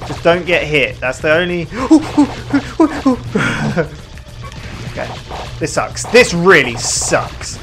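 A gaming channel host giving let's play commentary, excitable, laughing often and talking to themselves. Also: mid-range voice, unhurried. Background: game music.

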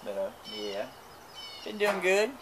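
A man's voice: sits high, big pitch swings, slow, noisy background. Profane man rambling at the grill. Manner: crude, profane, joking, stumbling over words. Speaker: cooking vlogger. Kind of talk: rambling casual chat while grilling. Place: outdoors at a grill. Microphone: camera mic.

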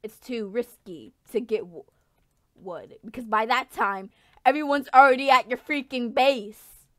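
Young woman streamer, high bright voice, unhurried casual play-by-play. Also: no room sound. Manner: animated, swings from mumbling to yelling. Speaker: gaming YouTuber. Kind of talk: casual gameplay commentary.

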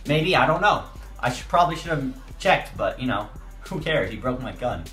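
Young man, casual storytime, animated delivery, roomy echo. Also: mid-range voice, moderate pace. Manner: animated, acts out voices, jokey asides. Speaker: YouTuber. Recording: echoey room, music behind.

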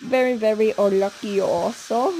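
A young woman giving casual, excitable commentary while playing a video game, often squealing and giggling. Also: medium pitch, unhurried, faint music behind, low-quality recording. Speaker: gamer.

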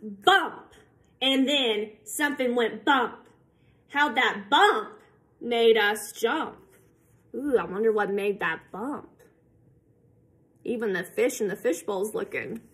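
A woman reading a picture book aloud to children, slow and expressive, pausing to ask her listeners questions. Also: a little high. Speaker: storybook reader.

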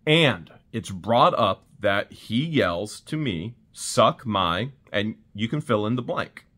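Male vlogger, casual recap, lively and exclamatory, bright tone. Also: fairly low pitch, slow pace. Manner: animated storytelling with laughs and exclamations. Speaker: channel host.

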